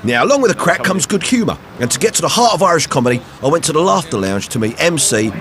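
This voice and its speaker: A man's voice: on the high side, very animated, quick pace, a bit bright. A man narrating a TV documentary in a breezy, conversational way. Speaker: TV documentary presenter.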